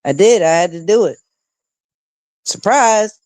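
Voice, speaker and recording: A middle-aged woman streams to her viewers, telling a long story with plenty of cussing and a habit of checking in with "right?". Her voice sits at a medium pitch. The sound is dry and close to the mic, with no room echo. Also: a little slow. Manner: profane, animated, keeps asking "right?".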